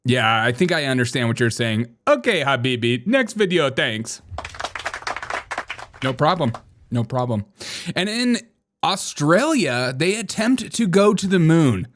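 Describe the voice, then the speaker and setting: A man's voice: on the high side, sing-song, unhurried, fairly bright tone. A man hosting a comedic live stream, full of sarcastic, jokey asides. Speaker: host.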